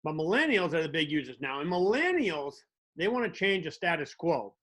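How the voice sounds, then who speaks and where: A man's voice: on the high side, big pitch swings, fairly quick, a bit bright. A man hosting a comedic monologue, telling wry stories with little mock dialogues. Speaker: host.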